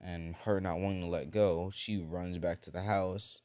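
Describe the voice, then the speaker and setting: Deep-voiced man rambling through a story. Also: steady tone, normal speed, a little mellow. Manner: rambling, many fillers. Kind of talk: improvised fan-fiction narration.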